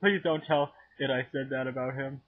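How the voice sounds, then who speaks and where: Teen boy with a husky, tinny voice. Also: medium pitch, fairly even intonation, moderate pace. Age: teens. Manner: crude, joking, sudden loud outbursts. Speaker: home cooking video maker. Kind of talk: goofy profane cooking vlog. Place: home kitchen. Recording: tinny lo-fi home camera audio.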